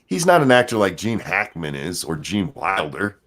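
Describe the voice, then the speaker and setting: A man hosting a livestream chat, reading viewer comments aloud and swinging between loud jokes and mumbled asides. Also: low-pitched, sing-song, normal speed. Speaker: livestream show host.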